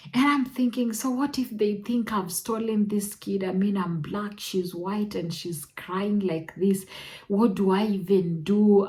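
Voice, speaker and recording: A young woman with a Kenyan accent recounts her own story on a vlog, unhurried and measured. Her voice sits low for a woman, yet it leaps up in emotional, animated exclamations. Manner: emotional, animated retelling with sudden high exclamations. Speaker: vlogger.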